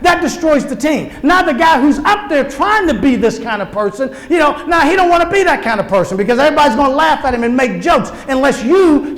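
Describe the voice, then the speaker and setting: Emphatic high-voiced man in an echoey hall. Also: fairly bright tone. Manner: emphatic, preacherly, addresses the crowd directly. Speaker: keynote speaker. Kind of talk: conference keynote speech. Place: large conference hall.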